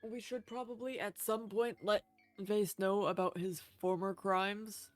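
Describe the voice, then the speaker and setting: A woman chatting casually while playing on a roleplay server, blunt and quick to swear. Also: medium pitch, fairly even intonation, dry recording, faint music behind. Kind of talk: casual gaming chat.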